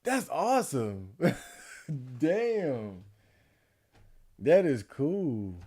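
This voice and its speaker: A man's voice: fairly high pitch, darkish tone. A man chatting casually on a livestream, ranting and rambling with frequent restarts.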